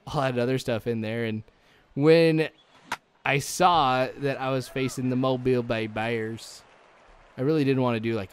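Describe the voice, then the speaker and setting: This is a smooth, mid-range male voice belonging to a young man who hosts a gaming channel. He gives loose, chatty let's-play commentary full of ums and likes, laughing lightly at times.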